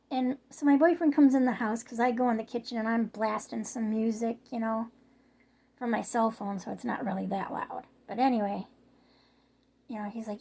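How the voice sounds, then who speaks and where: A middle-aged woman vlogging about her neighbors, her voice a little hoarse, rambling along with lots of filler words. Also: a little high, darkish tone. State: slightly hoarse from yelling. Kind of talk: casual storytelling vlog.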